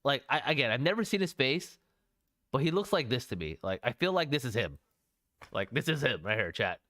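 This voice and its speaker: A man's voice: medium pitch, big pitch swings, a little fast, fairly bright tone. A man co-hosting a casual livestream show, rambling, often talking to chat and laughing. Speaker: podcast co-host.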